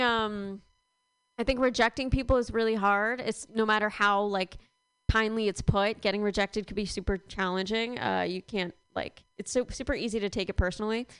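A young woman performing a rambling, deadpan stand-up comedy set. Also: medium pitch, smooth, no echo. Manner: deadpan, rambling with many fillers.

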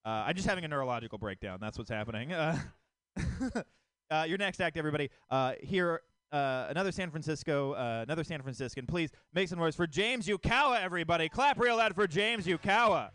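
A man's voice: a little high, lively intonation, a little fast, fairly bright tone, no room sound. A man hosting a comedy night, introducing acts with stumbling, self-mocking patter. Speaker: comedy show host. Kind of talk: emceeing a comedy show. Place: comedy club stage.

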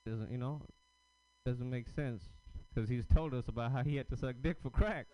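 A man's voice: mid-range voice, normal speed, warm tone, clear, resonant tone. A man doing a loose, rambling, self-deprecating stand-up set at an open mic. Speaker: stand-up comedian. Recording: lo-fi live club recording.

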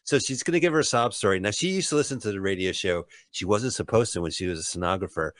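A man's voice: on the low side, expressive, quick pace, no echo. A man hosting a podcast, chatting in a rambling, jokey, profane way while commenting on an old broadcast. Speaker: podcast host. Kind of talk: casual comedic commentary.

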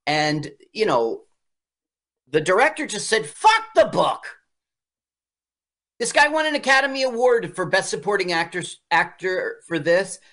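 A man's voice: high voice, moderate pace. A man co-hosting a casual talk show, retelling an old film's backstory and acting out the people in it. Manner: animated, acts out quotes in shifting voices. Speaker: podcast co-host. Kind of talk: casual chat recapping an old film.

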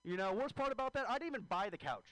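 A man's voice: high-pitched, sing-song, very fast, a bit bright, no echo, rough recording. A man doing a stand-up comedy set, profane and self-deprecating.

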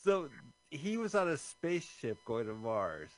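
A man's voice: medium pitch, big pitch swings, measured pace. A man co-hosting a radio show, casually commenting on a film as he watches and explaining scenes with the odd swear. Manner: laid-back, swears casually, explains as he goes.

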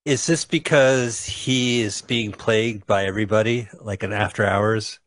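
A man's voice: lowish voice, steady tone, unhurried, fairly bright tone, no room sound. Man, radio co-host, dry sound, wry, chatty, casual movie chat. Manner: chatty, wry, searching for memories.

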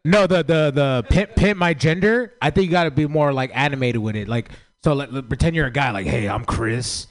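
A man's voice: fairly high pitch, a little fast, hardly any pauses. A man giving rambling, profane feedback after a comedy set, full of fillers and laughter. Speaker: audience member giving feedback. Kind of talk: casual feedback chat.

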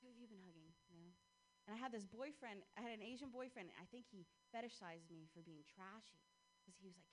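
A woman's voice: medium pitch, a little fast, a little hiss or hum, low-quality recording. A woman performing a stand-up comedy set, talking conversationally with a self-mocking manner. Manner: conversational, self-mocking, drops into voices for quoted people.

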